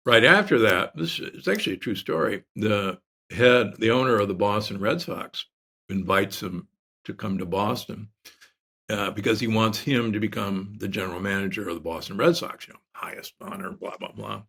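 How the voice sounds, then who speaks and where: An older man speaks in a low voice with a bright, forceful edge. As an interview guest, he tells stories with animation and keeps restarting his sentences. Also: creaky. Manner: animated storyteller with many restarts. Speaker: guest, doctor. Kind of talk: casual interview storytelling.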